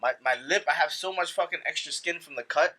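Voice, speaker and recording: Give me a young man, animated and profane, with a bright, fairly high voice. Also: quick pace. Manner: animated, profane, repeats himself. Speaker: podcast guest. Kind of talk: casual storytelling.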